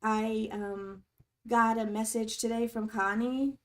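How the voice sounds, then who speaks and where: Woman, livestream host, supportive and encouraging, reads chat aloud, slightly high voice. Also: steady tone, slow. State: tearing up.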